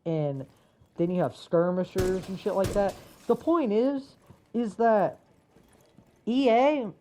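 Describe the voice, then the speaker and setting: Young gamer host, mid-pitched voice, swearing freely and rambling through a casual rant, with a faint hiss behind. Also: slow pace, warm tone, low-quality recording. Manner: profane, rambling, with many fillers and restarts. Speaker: gaming video host. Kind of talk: casual ranting commentary.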